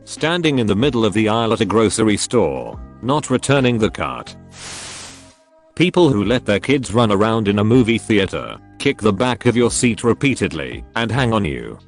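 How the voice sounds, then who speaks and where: A man narrating forum posts in an even scripted read, spelling out acronyms letter by letter. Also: lowish voice, moderate pace, faint music behind.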